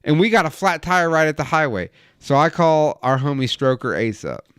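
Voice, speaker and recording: A man's voice: on the high side, moderate pace, smooth, dry recording, clean studio sound. A man in his thirties telling a wild, profane story in casual chat as a podcast host. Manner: profane, animated anecdote telling.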